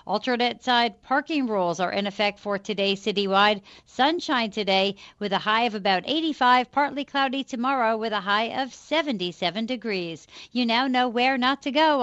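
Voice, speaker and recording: Lady doing radio traffic, quick and flat, dull lo-fi sound, dry. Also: a little high, dry recording. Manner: fast and matter-of-fact. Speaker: traffic reporter. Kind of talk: brisk traffic report.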